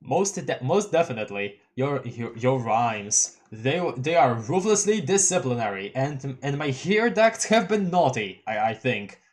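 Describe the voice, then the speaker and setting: A reader puts on a timid troll boy who stumbles over his words and repeats them nervously. He speaks at a medium pitch and sounds hesitant throughout. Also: very animated, measured pace, few pauses. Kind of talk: dramatic reading of a webcomic.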